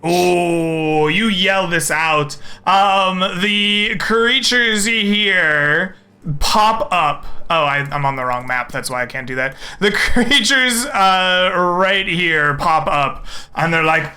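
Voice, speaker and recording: A man running a tabletop game as game master, narrating in a relaxed, chatty way with many fillers. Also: high voice, slow pace. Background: faint background music.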